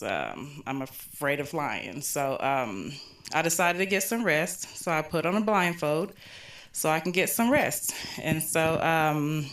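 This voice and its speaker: A woman doing stand-up, telling a story in a relaxed, rambling way with many ums and you-knows. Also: deep voice. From Colorado, US. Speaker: stand-up comedian. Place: recording studio.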